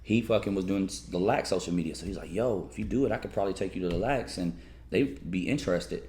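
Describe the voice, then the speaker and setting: A man's voice: low-pitched, quick pace, a little mellow. A man in his thirties from Kentucky, telling wild stories in a casual, profane interview, often laughing. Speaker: guest. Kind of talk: casual storytelling.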